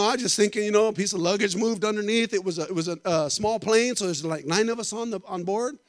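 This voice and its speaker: A middle-aged man preaching a sermon, telling animated stories and joking with the congregation. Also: high-pitched, no echo. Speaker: guest preacher. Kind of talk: storytelling sermon.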